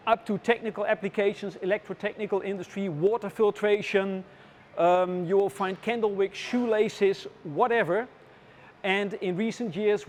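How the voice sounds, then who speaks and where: A man guiding visitors through a factory floor, explaining in a measured way with frequent pauses. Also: high voice, slight background noise. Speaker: factory tour guide. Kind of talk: guided factory tour.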